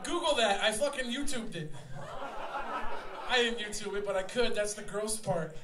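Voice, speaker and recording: A young man, a rapper fronting a live show, trading loud, profane, laughing banter with the crowd on a small theater stage. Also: high-pitched, moderate pace, background noise. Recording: echoey live room, mic heard from far, loud crowd.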